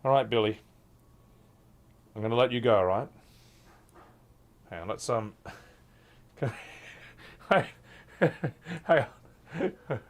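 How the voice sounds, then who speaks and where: Lively man streaming. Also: mid-range voice, slow, pauses often. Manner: affectionate baby talk to his cat. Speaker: game streamer. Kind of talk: casual stream chat.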